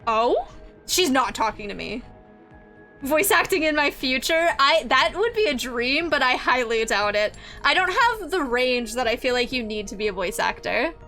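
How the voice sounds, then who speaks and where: Excitable high-voiced woman streamer. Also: normal speed, soft background music. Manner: excitable, chatty, greets viewers. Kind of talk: live game-stream commentary.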